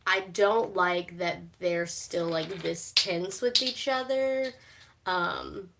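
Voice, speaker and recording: A woman's voice: fairly low pitch, very animated, takes it slowly, gravelly, very noisy. A young woman chatting casually on a live stream, laughing a lot, swearing freely and full of fillers. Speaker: streamer reacting to a TV show. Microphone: phone.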